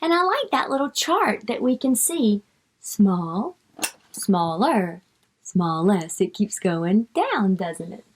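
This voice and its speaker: A woman's voice: mid-range voice, sing-song, slow pace, a little hiss or hum. A woman reading a picture book aloud to young children, stretching out the words she reads and coaxing the child with questions.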